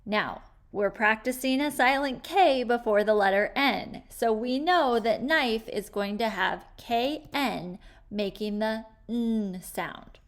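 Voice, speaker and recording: A woman leads a children's phonics lesson at an unhurried pace, sounding out each word clearly and patiently. Her voice sits a little high for a woman. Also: expressive. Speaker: teacher.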